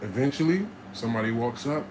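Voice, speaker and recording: A man telling stories from his life in a casual monologue, streetwise and animated, swearing freely and acting out the voices of people in his stories. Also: mid-range voice, fast, noisy background. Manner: streetwise, animated storyteller who acts out voices and cusses freely.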